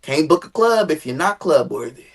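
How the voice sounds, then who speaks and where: A guest chatting casually about family drama, animated, jumping into high dramatic tones and swearing freely. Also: normal speed, husky. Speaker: guest sharing family stories. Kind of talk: casual gossip chat.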